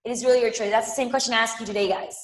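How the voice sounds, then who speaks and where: A woman's voice: fairly high pitch, steady tone, rapid-fire, echoey room. A woman leading a live money coaching session, emphatic, repeating phrases and calling viewers by name. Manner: addresses viewers directly by name.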